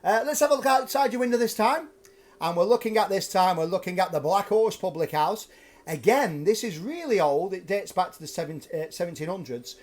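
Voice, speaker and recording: A man hosting a live stream from his flat, telling a ghost story in a chatty, animated way. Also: high-pitched. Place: flat at home.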